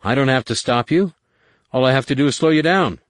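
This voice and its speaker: A man's voice: mid-range voice, a little fast, dry recording, studio quality, voice pushed up, close to an everyday voice. Man playing a mockingly cheerful Jedi warrior. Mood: mocking defiance. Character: bold young male Jedi warrior, cheerful and defiant.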